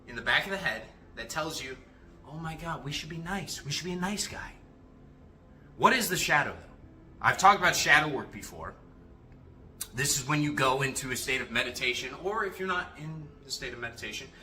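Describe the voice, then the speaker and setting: Bright, brash, swearing male ranter. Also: a little high. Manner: profane, aggressive, confrontational. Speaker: livestream host, self-styled coach. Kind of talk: motivational rant on a livestream.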